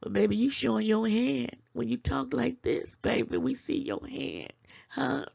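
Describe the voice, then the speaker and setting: On her own commentary channel, this host scolds viewers in a preachy way through rhetorical questions, laughing softly between her points in a casual vlog. Her pitch is a little high and her delivery unhurried, with a gravelly, slightly rough, darkish tone. The recording quality is lo-fi.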